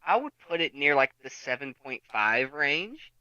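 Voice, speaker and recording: A man guesting on a casual wrestling chat, relaxed and amused in tone. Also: mid-range voice, moderate pace, no room sound, lo-fi sound.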